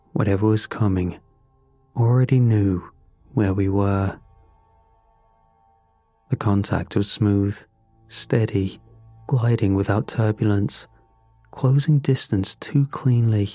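A man narrating a first-person horror story in a measured, grim way. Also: fairly low pitch, steady tone, mellow, no echo, soft background music.

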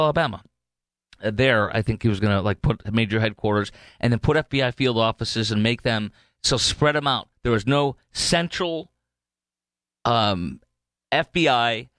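A man's voice: mid-range voice, a bit bright, no echo, studio quality. A man hosting a political talk radio show, delivering a rambling, emphatic monologue with many fillers and restarts.

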